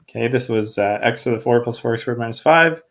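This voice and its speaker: A man's voice: mid-range voice, brisk, fairly bright tone. A man teaching a math lesson, explaining each step as he works and often checking in with his students. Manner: thinks aloud while working problems. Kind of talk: recorded classroom lesson.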